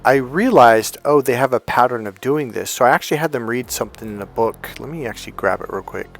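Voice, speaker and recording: At medium pitch and a quick pace, a relationship coach delivers a relaxed motivational talk. He keeps it conversational, reenacting exchanges as quoted dialogue.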